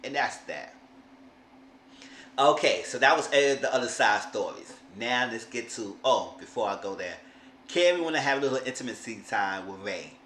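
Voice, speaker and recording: A man's voice: mid-range voice, expressive, normal speed, fairly bright tone. A man casually recapping a reality TV episode, rambling and often restarting his sentences. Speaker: show recap vlogger. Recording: roomy room with faint hiss.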